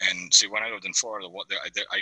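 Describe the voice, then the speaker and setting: Fast-talking, bright-voiced man rambling a story. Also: sits low, slightly rough, dry recording, rough recording. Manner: rambling, animated, laughs a lot. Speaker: panel guest. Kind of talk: casual storytelling on a video call. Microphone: video call with headphones.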